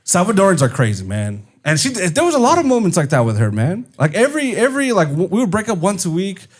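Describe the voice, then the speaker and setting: A young man, a podcast co-host, telling a story on a live comedy show and shouting out the lines he quotes. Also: sits high, wildly swooping pitch, fast.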